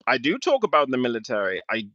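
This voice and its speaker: A man livestreaming in an emotional, rambling rant, swearing freely as he answers his chat. His voice sits at a middling pitch. The sound is dull and lo-fi, and very dry. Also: huge pitch swings, fast, pushed and bright, dry recording. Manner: emotional, ranting, swears often. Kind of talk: rambling live-stream talk.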